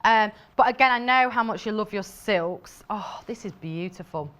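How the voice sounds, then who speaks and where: A British woman hosts a live shopping channel show about fabrics. She chats enthusiastically and fills her talk with asides and fillers. Her voice sits at an ordinary middle pitch. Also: moderate pace, a bit bright. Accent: British English. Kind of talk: live sales presentation.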